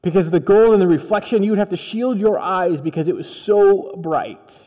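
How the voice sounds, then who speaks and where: A man's voice: sits high, normal speed, warm tone. A man preaching a sermon in a conversational storytelling style, acting out dialogue as he goes. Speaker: pastor. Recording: long reverb of a large hall.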